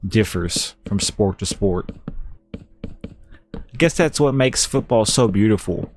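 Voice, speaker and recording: A man's voice: on the low side, darkish tone, dry recording. A man with a Kentucky Southern accent giving rambling, laid-back commentary while he plays a building game on stream. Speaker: let's-play streamer. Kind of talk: casual gameplay commentary.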